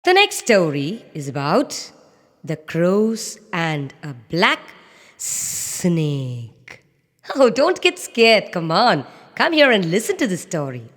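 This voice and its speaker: A woman narrating children's animal stories in a slow, very expressive, sing-song way. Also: on the low side. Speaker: storyteller. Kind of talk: scripted children's story narration. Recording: echoey reverb.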